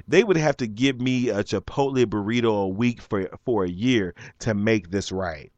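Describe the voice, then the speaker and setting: A man recounting a story in a loose, rambling way, laughing often and turning heated. He jumps into high, shrill voices whenever he quotes someone. The recording is dry and close, with no room sound. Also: normal speed, few pauses, a little mellow, dry recording, muffled recording. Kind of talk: casual storytelling to camera.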